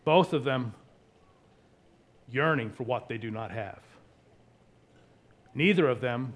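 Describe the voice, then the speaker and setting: A man preaching a sermon, emphatic, with wide swings between soft and loud. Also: mid-range voice, animated, slow pace. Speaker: pastor.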